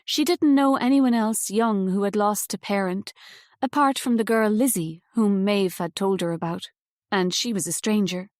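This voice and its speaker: In a close, dry studio setting with no room sound, a female audiobook narrator works through a script. She keeps her mid-range voice measured and even, as in steady storytelling.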